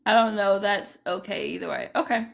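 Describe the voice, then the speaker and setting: A woman's voice: medium pitch, a little fast, vocal fry. A woman hosting a casual livestream, chatting loosely and greeting viewers by name. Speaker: livestream host.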